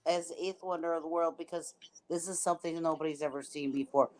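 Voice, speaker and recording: A woman's voice: sits low, fairly even intonation, fast, darkish tone, rough recording. A woman in a casual film discussion, thinking aloud and restarting her sentences as she goes.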